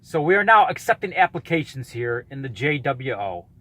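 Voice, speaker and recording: A man's voice: medium pitch, very animated, normal speed, a bit bright. A man in his thirties ranting in a vlog, blunt, combative and profane as he calls out a rival. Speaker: YouTuber calling out a rival.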